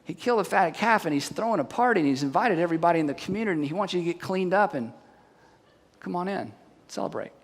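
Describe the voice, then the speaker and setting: A man's voice: sits high, animated, fast, voice pushed down. A man voicing a household servant who hesitantly breaks news, apologetic in tone, in a hall. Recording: long hall reverb.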